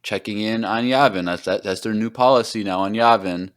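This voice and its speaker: A man's voice: on the low side, a little fast. A man hosting a podcast, chatting casually through an episode recap and filling his speech with "like" and "um.". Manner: rambling, heavy on fillers like "like". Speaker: podcast host.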